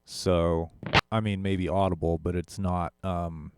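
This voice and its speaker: Low-voiced man rambling through a gear demo. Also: level tone, takes it slowly, darkish tone, clear, resonant tone. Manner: rambling, self-correcting, with frequent fillers. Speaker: musician demonstrating audio gear. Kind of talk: casual tech demo talk.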